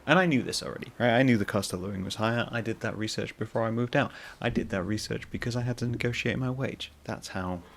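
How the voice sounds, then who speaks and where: A man's voice: medium pitch, fast, gravelly, hardly any pauses, fairly bright tone. A middle-aged man from northern England hosting a solo podcast, rambling and self-mocking as he talks through an anecdote. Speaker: podcast host.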